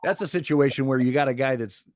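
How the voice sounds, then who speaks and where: A man's voice: mid-range voice, fast. A man who umpired baseball, talking in a casual chat and often stumbling and repeating words as he finds his point.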